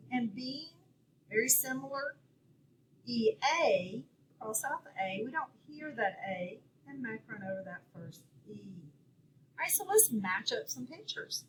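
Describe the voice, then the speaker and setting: Slow, patient phonics teacher woman. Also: fairly high pitch, fairly bright tone, a little hiss or hum, rough recording. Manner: slow, clear, patient, enunciates each word. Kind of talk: classroom lesson walkthrough.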